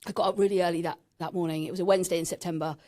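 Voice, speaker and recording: A woman's voice: on the low side, steady tone, racing, darkish tone. A woman in her thirties from England, a podcast guest frankly telling a painful personal story and swearing now and then.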